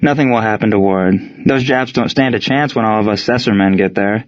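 A man's voice: fairly low pitch, fairly quick, lo-fi sound, lightly acted. A man voicing a cocky teenage boy who talks brashly in slang. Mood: reassuring.

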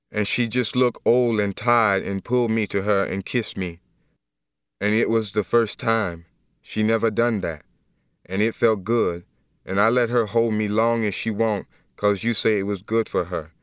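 A man reading as a gentle young jailed man. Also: lowish voice, clean tone, dry recording, studio quality. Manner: slow, earnest, plain-spoken dialect. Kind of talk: audiobook first-person reading.

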